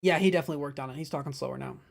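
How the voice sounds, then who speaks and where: A man from Minnesota with a Midwestern American accent, co-commentating a disc golf stream in a chatty, quick way that breaks easily into laughter. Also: a little high, vocal fry. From Minnesota, USA. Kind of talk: casual live-stream commentary.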